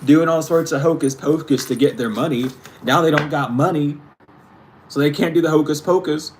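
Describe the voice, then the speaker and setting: A man's voice: fairly high pitch, fairly even intonation, moderate pace, slight background noise. A man giving a spiritual reading to his viewers, ranting emphatically and swearing freely. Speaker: tarot reader.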